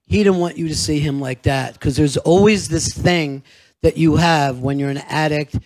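Radio host guy, kinda high voice, blunt and earnest, cussing casually. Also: normal speed, darkish tone, a little hiss or hum. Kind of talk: interview conversation. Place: comedy club.

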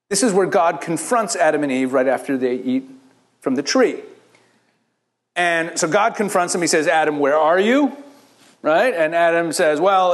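A middle-aged man from Israel, a rabbi giving a sermon-style Bible teaching to a church audience, telling the story with lively asides and acting out the characters' lines. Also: fairly high pitch. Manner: animated storytelling, acts out the biblical characters in quoted voices.

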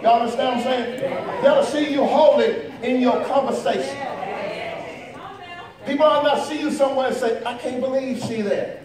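A man preaching a sermon as pastor, in call-and-response style that swings between loud and soft. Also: extremely high pitch, steady tone, moderate pace, long pauses, a crowd in the background. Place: church sanctuary. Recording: echoey church from far off with congregation.

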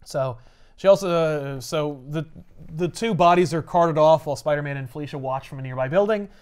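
A man's voice: a little high, clear, resonant tone. A man co-hosting a casual comics chat, recapping a story and acting out the characters' lines. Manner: animated, acts out characters' lines in quick voices. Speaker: comics podcast co-host.

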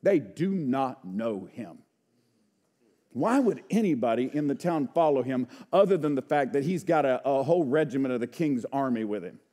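A man preaching a sermon as pastor, calling out to the congregation and using folksy phrases and rhetorical questions, swinging from hushed asides to loud emphatic shouts. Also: mid-range voice, animated, moderate pace. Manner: preaching with call-and-response to the congregation.

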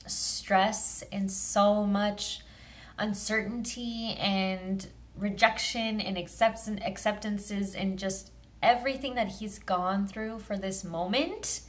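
A woman in her twenties chatting casually to camera in a vlog, effusive and exclamatory. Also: medium pitch. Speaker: vlogger.

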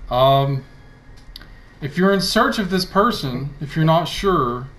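A man's voice: a little high, expressive, takes it slowly, a bit bright. A man narrating a tabletop game as dungeon master, with many fillers and restarts. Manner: hesitant, filler-heavy narration. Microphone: console party chat.

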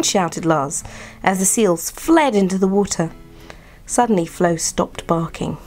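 A woman reading a children's bedtime story aloud in a soft, gentle manner. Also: mid-range voice, animated, a little slow. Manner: soft, gentle, drops to whispers. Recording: faint background music.

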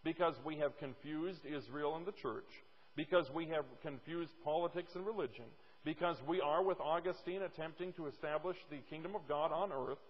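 A man's voice: on the high side, moderate pace, slightly rough, in a large hall, highs cut off. A male pastor preaching a sermon emphatically, repeating words for stress, at a church pulpit mic.

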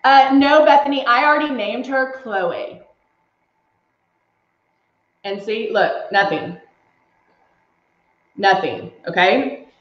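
A woman's voice: on the high side, slow, pauses often. A woman doing a casual live makeup tutorial, chatting through each step and reading comments from viewers. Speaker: makeup demonstrator on a livestream. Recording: echoey room, slightly dull sound.

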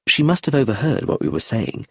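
A man's voice: mid-range voice, sing-song, a little fast, gravelly, a bit bright, breathy edge, no echo, studio quality. A man narrating a mystery novel aloud, changing his voice for each character. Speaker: audiobook narrator. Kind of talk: storybook reading.

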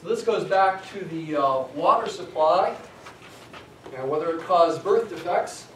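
A statistics lecturer with a fairly high, bright voice and lively intonation teaches a class at a measured pace. He talks conversationally, thinking aloud as he works through examples, restarting sentences and telling asides. The recording is echoey, from a distant mic in a lecture hall, with a faint hum.

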